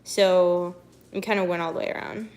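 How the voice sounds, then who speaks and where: A woman's voice: lowish voice, steady tone, normal speed, darkish tone. A young woman streamer in casual live-stream chat, bubbly and rambling, with lots of "like". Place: home, walks to the kitchen.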